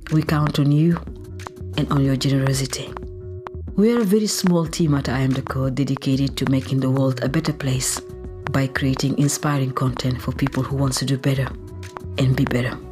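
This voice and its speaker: A woman with a French accent hosts a podcast in an effusive, heartfelt way. Her voice sits low. Music plays steadily underneath. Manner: effusive, emotional, warmly gushing. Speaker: podcast host. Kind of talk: podcast interview and sign-off.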